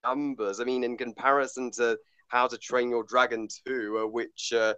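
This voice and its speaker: A man reviewing a movie in casual chat, halting with many fillers and restarts, blunt and swearing. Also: medium pitch, level tone, sharp tone, smooth, no room sound, highs cut off.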